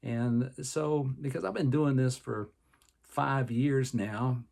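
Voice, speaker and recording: A man's voice: mid-range voice, slow, gravelly, a little mellow. An older man with a Southern American accent, hosting a podcast in a folksy, rambling monologue full of fillers. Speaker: podcast host and personal trainer.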